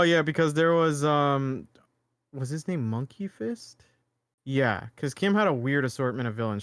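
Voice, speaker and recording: A man's voice: mid-range voice, clear, resonant tone, no room sound. Young guy yapping casual, tons of ums, dry close mic. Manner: rambling, many fillers and restarts. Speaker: co-host. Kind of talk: casual chat.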